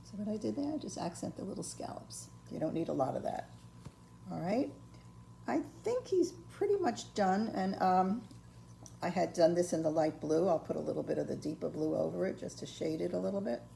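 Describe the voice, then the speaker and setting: An older woman giving a patient, step-by-step ceramics painting lesson, filling pauses with ums and okays. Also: fairly low pitch, expressive, gravelly, dark tone, a little hiss or hum. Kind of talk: step-by-step craft tutorial.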